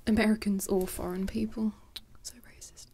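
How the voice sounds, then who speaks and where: A woman chatting in a soft, rambling way for ASMR, moving between quiet speech and whispers and making jokes. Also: medium pitch, level tone, moderate pace, a little hiss or hum. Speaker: ASMR creator.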